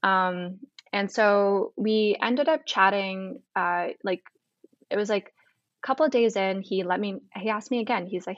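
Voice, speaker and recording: A young Canadian woman is a guest in a storytelling interview, speaking unhurriedly at a medium pitch with a dull, dry sound and no room tone. She's casual and chatty, full of "like" and quoted dialogue.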